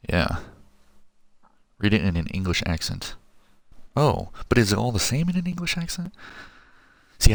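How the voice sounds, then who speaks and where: A man in his thirties from Missouri with a low, deep voice talks casually through a late-night game stream. He rambles, restarts his sentences and answers his chat aloud. Loud game music and gunfire play right under him. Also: creaky, dry recording. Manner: rambling, chatty, answers chat messages aloud, self-correcting. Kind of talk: casual live-stream chat while gaming. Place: home at night.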